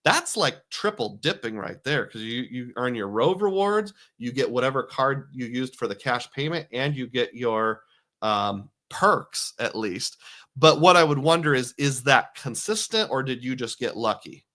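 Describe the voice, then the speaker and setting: A man hosts a relaxed live stream and talks in a loose, rambling way. His voice is bright and forward, at a middle pitch for a man. He reads comments out loud and chats back with easy humor. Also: measured pace. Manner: rambling, reads viewer comments aloud and jokes along. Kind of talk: casual live stream chat.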